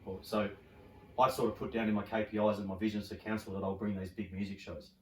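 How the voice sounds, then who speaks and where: A middle-aged Australian man tells stories on a podcast at a quick clip, in a fairly low voice. He is animated and swears freely as he chats. The sound is roomy and a little distant from the mic. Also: a little hiss or hum. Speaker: podcast guest. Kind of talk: casual storytelling chat.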